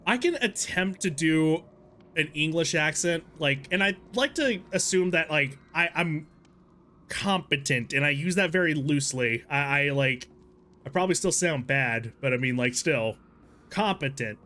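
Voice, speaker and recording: A man live-streaming a horror game, chatting in a rambling, self-deprecating way and breaking into yelling and swearing at the game. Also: a little high, lively intonation, measured pace. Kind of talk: casual live gameplay commentary.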